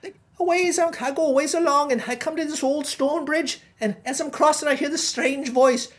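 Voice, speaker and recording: A man's voice: very high voice, moderate pace, voice pushed up. A man voicing a cheerful male Irish farmhand who spins folksy, rambling comic yarns in an Irish accent. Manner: folksy, rambling yarn-spinner. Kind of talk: comic storytelling monologue.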